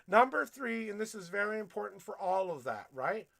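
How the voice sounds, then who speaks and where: Blunt, gravelly-voiced male tarot reader. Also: high-pitched, big pitch swings, normal speed. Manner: blunt, profane, preachy, builds to yelling. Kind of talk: livestream tarot reading pep talk.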